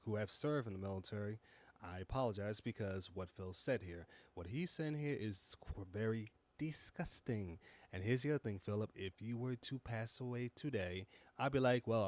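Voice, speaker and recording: A man hosting a reaction commentary, mocking and scolding the streamer he watches. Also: fairly low pitch. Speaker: commentary host.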